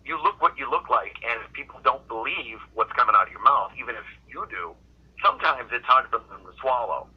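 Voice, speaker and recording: A middle-aged man from Boston chats as a comedian guest, rambling through his stories with plenty of restarts. His voice is husky and sits at a middling pitch. The audio is dull and lo-fi, like a remote call. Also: animated, brisk. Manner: rambling storyteller, frequent restarts. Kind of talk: casual interview chat.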